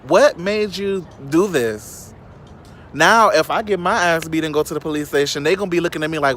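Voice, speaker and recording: A man's voice: on the high side, normal speed, fairly bright tone, slight background noise. Sassy gossiping man from Chicago. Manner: sassy, shady, keeps calling the viewer "child". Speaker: vlogger. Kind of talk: casual gossip commentary. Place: outdoors in sunlight.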